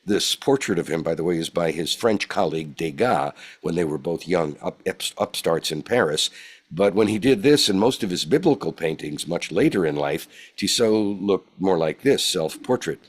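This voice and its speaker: A man's voice: sits low, lively intonation, moderate pace. A man with a nasal voice leading a Torah study and explaining a painting, with an occasional self-correction, speaking into a computer mic at home. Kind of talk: art talk presenting a Torah portion.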